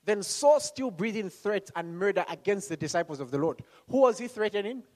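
High-voiced man preaching a lively sermon. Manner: calm and slow, then rising to loud calls to the congregation; asks the congregation questions and acts out voices.

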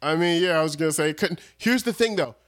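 A man's voice: on the high side, quick pace, a bit bright. A young man co-hosting a casual chat podcast, rambling and joking, often restarting his sentences. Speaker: podcast co-host.

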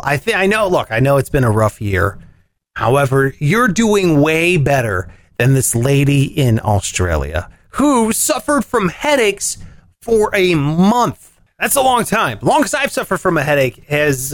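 A man hosting a comedy news rant podcast, jokey and animated, swinging his voice up and down for punchlines. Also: a little high, dry recording. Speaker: podcast host.

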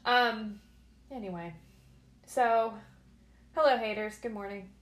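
A woman's voice: on the high side, slow. Blunt, sarcastic woman ranting at home. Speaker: podcast host. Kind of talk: casual solo podcast rant.

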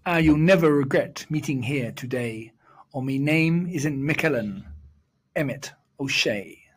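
Mischievous male leprechaun played by a man, lilting storybook voice, husky. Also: medium pitch, expressive, unhurried. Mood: sly. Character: crafty cheeky little male leprechaun shoemaker.

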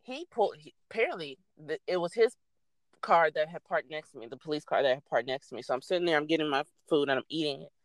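A young adult woman casually telling a story, animated and swearing freely as she acts out what people said. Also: low voice, fast talker, no echo.

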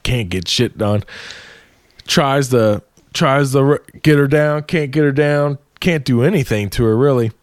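A man retelling a story in a casual, animated, profane way. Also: medium pitch, measured pace, dry recording, clean studio sound. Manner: profane, animated, laughs while telling.

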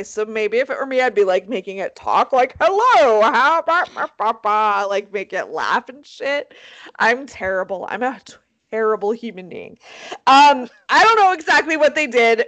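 A woman co-hosting a casual chat, telling a story in an animated, profane, self-mocking way. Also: on the high side, no echo, low-quality recording. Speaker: podcast co-host.

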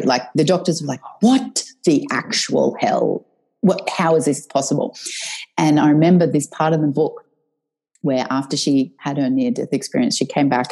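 A woman, a podcast guest telling a personal story in an emotional, animated way. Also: extremely low pitch, breathy edge, poor audio. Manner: emotional, animated, swears freely.

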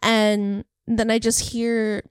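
A woman's voice: on the high side, flat delivery, slow pace, clean tone, dry recording, clean studio sound. A young woman talking casually and earnestly to camera about faith and encouragement, rambling and heartfelt. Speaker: faith vlogger. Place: California.

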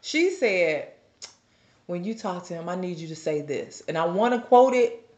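A woman co-hosting a casual chat, an animated, teasing storyteller. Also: fairly low pitch, moderate pace. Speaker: co-host. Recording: echoey room.

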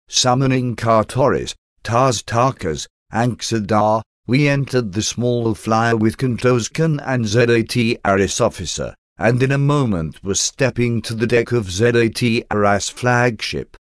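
A man reading first-person adventure narration in a formal, measured storytelling manner. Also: medium pitch, no room sound, clean studio sound. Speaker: audiobook narrator.

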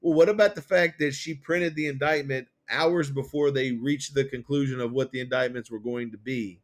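A man co-hosting a political podcast, rambling and animated as he retells stories with quoted voices. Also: medium pitch, normal speed. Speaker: podcast co-host. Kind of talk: casual political chat.

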